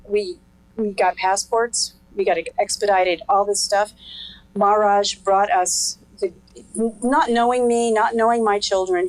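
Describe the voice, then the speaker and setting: Speaking in a medium-pitched, somewhat dark voice, a middle-aged interviewee gives earthy, frank personal testimony and laughs now and then. The recording is dry and of low quality.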